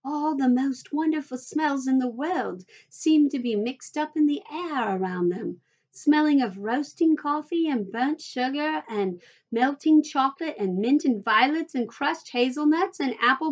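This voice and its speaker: A woman's voice: high-pitched, unhurried, muffled recording, voice pushed up. A woman voicing a delighted old grandfather in a storybook reading, savoring each word.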